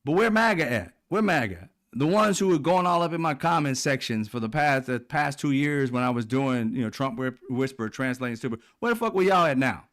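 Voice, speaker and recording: A man's voice: animated, a little fast, hardly any pauses, fairly bright tone. Profane, mocking male political ranter. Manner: profane, mocking, laughs often, mimics people in high voices. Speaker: political commentary host. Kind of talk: animated political rant.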